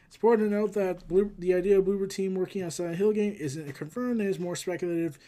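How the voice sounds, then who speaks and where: A man's voice: sits high, fast, mellow. A man hosting a casual news commentary, rambling with sarcastic asides. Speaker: host.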